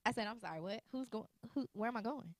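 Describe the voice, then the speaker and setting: A woman hosting a casual talk show, telling a lively story and acting out the exchanges she quotes. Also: fairly high pitch, fast talker, no room sound. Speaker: host. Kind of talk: casual chat.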